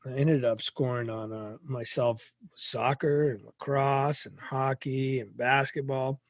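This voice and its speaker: A man's voice: mid-range voice, takes it slowly, creaky, no echo, clean studio sound. A middle-aged man from Massachusetts telling a vivid personal story as an interview guest. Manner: vivid, anecdotal, expressive.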